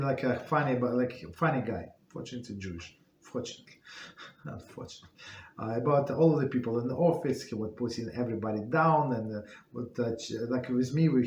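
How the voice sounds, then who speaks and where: Halting man teaching a Torah class. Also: medium pitch, a little mellow, reverberant, a little hiss or hum. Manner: halting, many fillers and restarts. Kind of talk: casual spoken Torah class.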